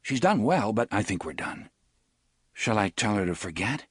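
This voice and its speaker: A man's voice: on the low side, very animated, moderate pace, husky, no echo, studio quality. A man voicing an anxious, protective young man speaking earnestly in a storybook reading. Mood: concerned.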